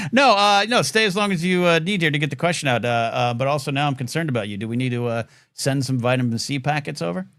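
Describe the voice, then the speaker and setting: Rambling, animated talk show host man. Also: on the high side, fast, no room sound, studio quality. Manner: rambling, animated, stammering restarts. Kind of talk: casual call-in show chat.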